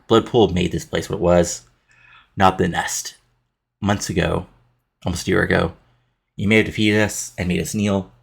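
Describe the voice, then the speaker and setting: A man's voice: low-pitched, gravelly, husky, heavily acted. A man reading the lines of a brooding, defiant male wrestler, delivered plainly like a script read aloud.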